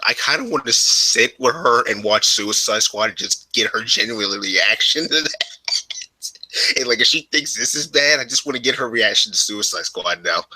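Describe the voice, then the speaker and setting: A man co-hosting a casual podcast, laughing often and breaking into high voices to mimic people. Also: animated, moderate pace, pushed and bright, no echo, rough recording. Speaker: podcast co-host. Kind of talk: casual chat.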